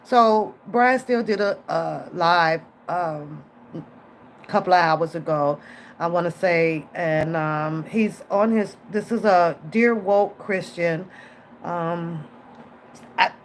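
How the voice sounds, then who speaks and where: This woman streamer's voice sits on the low side and moves slowly, with a little hiss or hum in the audio. Recounting a story casually, she animatedly performs the quoted characters' voices and laughs a lot.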